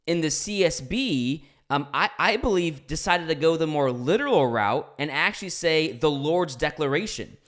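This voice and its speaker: A man's voice: a little high, expressive, normal speed, few pauses, a bit bright. A young man hosting a podcast, asking earnest, curious questions with frequent fillers and self-corrections. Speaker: podcast host. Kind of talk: interview questions.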